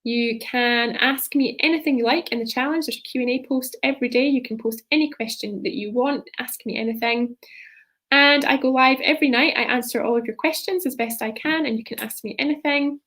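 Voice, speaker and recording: A woman's voice: a little high, brisk, a bit bright. A woman leadership coach talking on a live stream in a loose, rambling way, often tagging her sentences with "right?".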